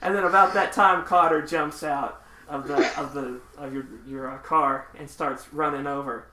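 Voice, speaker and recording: A man hosting a podcast, telling road stories in a lively way and acting out the people in them. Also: on the high side, moderate pace. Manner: animated, laughing raconteur who acts out the people in his stories. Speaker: podcast host. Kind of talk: casual storytelling chat. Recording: echoey room.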